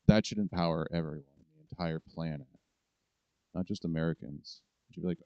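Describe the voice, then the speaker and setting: A man's voice: low voice, brisk, gravelly, clear, resonant tone, dry recording. A man in a rambling, profane political monologue, ranting to his viewers. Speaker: vlogger. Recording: dull lo-fi recording, dry.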